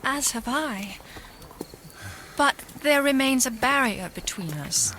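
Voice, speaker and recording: An actress playing a demure, devout young woman in a radio drama, speaking softly and earnestly. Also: sits high, very animated, slow, slight background noise, exaggerated voice. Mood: firm. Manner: soft, prim and earnest. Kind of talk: vintage radio drama acting.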